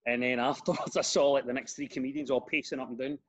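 A man with a Glaswegian accent, a comedian and radio presenter, telling stories in a casual podcast chat with lively restarts. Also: mid-range voice, fast. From Glasgow, Scotland. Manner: animated storyteller with frequent restarts.

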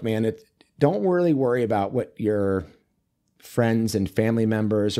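A mellow, fairly low male voice talks as a podcast guest, easygoing and chatty. He tells his stories loosely, with plenty of "like" and "you know". The tone stays relaxed and conversational throughout. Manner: relaxed, chatty storytelling with many fillers. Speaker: guest, men's coach and author. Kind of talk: casual interview conversation.

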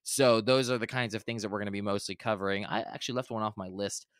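A man's voice: fairly low pitch, steady tone, quick pace, fairly bright tone, clear, resonant tone, no echo, clean studio sound. A man co-hosting a gaming podcast, talking casually and enthusiastically, often restarting and correcting himself. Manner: rambling, self-correcting, enthusiastic. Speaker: podcast co-host. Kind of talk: casual chat.

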